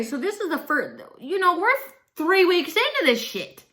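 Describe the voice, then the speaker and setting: A woman's voice: very high-pitched, huge pitch swings, normal speed, hardly any pauses, bright, forceful tone. A young woman telling a personal story to her vlog audience, blunt and outspoken, swearing freely and saying "like" constantly. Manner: fills speech with "like", swears freely. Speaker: vlogger. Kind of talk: casual storytime.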